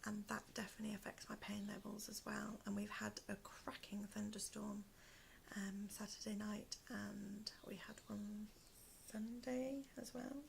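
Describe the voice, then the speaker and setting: Hoarse from asthma and in pain, a woman podcast host talks casually to camera indoors in a single room of her home. Her gravelly voice is medium-pitched, level and unhurried, soft-spoken and frequently trailing to a whisper, with a little hiss or hum.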